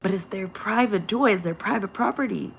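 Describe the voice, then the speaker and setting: A woman with a brisk, mid-range voice, vocal fry and a slight hiss or hum delivers a casual spiritual message to viewers of her channel as a reader. She rambles and repeats herself, laughing often and swearing freely.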